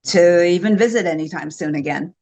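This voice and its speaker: An older American woman, the host's mother, reflecting in a relaxed interview and laughing easily. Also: lowish voice, a little fast. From United States. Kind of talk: casual conversational interview.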